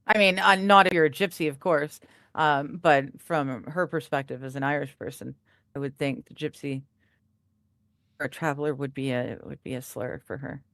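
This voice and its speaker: A woman's voice: low-pitched, steady tone, moderate pace, fairly bright tone, dry recording, studio quality. A woman co-hosting a casual live stream, chatting easily and laughing often. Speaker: stream co-host.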